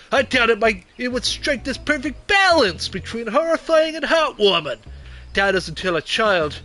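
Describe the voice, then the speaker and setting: A sleazy, theatrical demon in clown form, as a man puts on the voice for a game, talking in a raised, bright, forceful tone. He drawls through every flowery line with a put-on oily accent. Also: high-pitched, pitched above the performer's own voice. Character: sleazy male voidsent demon posing as a clown.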